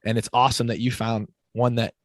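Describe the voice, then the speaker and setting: A fitness coach from Illinois chats with eager, rambling energy on a podcast, sprinkling "like" everywhere and laughing easily. His voice sits at an ordinary pitch for a man. The sound is dry and close, with no room around it. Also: fairly quick, dry recording. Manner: energetic, enthusiastic, heavy use of "like", laughs often. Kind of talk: casual podcast conversation.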